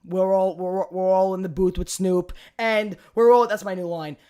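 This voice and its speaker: High-voiced young Brooklyn guy. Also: moderate pace, clear, resonant tone. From Brooklyn, New York. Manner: animated storytelling, profane, acts out quoted voices. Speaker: podcast host. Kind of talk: casual chat.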